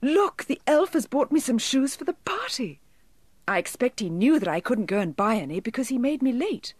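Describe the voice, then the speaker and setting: A woman voicing an excited little girl in a storybook reading, breathless and bubbling. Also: mid-range voice, normal speed, dry recording, close to an everyday voice.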